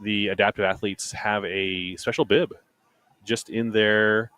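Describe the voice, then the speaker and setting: A man's voice: on the low side, level tone, a little slow, bright, forceful tone, dry recording. A man commentating live on an obstacle race, emphatic and chatty, repeating his points. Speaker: race commentator and podcast host.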